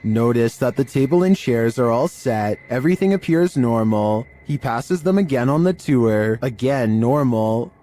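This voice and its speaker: Male narrator, scripted, ominous pacing, soft music bed. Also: mid-range voice, animated. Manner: slow, ominous storytelling.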